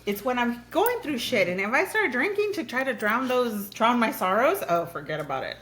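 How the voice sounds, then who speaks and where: A woman's voice: a little high, moderate pace. A woman hosting a podcast, talking frankly in casual chat and laughing often as she tells stories. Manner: frank, laughing, animated storytelling. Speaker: podcast host.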